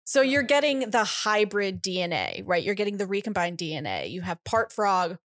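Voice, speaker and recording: A young adult woman co-hosting a casual science podcast, explaining clearly and laughing easily. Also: mid-range voice, sing-song, moderate pace, fairly bright tone, dry recording, studio quality. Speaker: podcast co-host.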